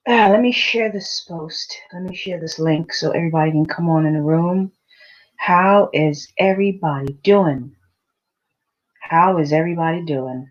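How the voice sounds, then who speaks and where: A woman's voice: on the low side, measured pace, muffled recording. A woman hosting a casual livestream, chatty, repeating her greetings and calling on viewers directly. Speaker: livestream host.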